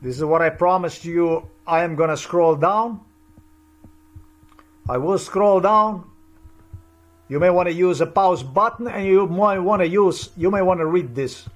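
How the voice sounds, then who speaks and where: A man's voice: high-pitched, unhurried, long pauses. A man ranting profanely and accusingly in a monologue to camera. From Eastern Europe. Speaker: video commentator.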